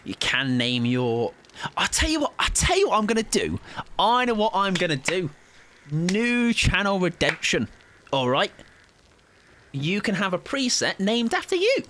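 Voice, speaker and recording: A man's voice: high-pitched, very animated, a little slow, fairly bright tone, a little hiss or hum. A man in his late twenties, streaming a game live and chatting with his viewers in a playful, argumentative way, repeating words to test them out. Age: late 20s. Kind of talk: casual live-stream chat.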